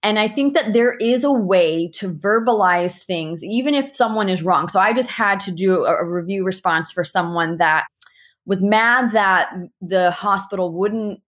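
A woman answering interview questions, telling animated stories with quick asides and restarts. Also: mid-range voice. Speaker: guest who handles reviews for partner animal hospitals.

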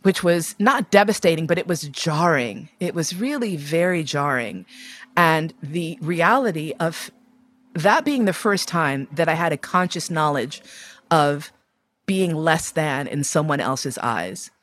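A woman's voice: sits low, lively intonation, unhurried, fairly bright tone. A woman in her fifties from New York City, telling personal stories candidly and expressively, swearing casually. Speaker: guest.

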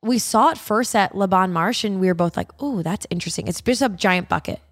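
A woman's voice: mid-range voice, fairly quick. Chatty woman telling a shopping story. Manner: animated storytelling, swears, filler-heavy. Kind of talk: casual chat.

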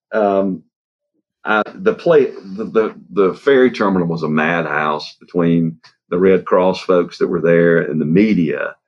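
A man interviewed as a guest, recounting events in a halting way, with fillers and soft laughs. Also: low-pitched. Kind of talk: interview storytelling. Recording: dull lo-fi sound.

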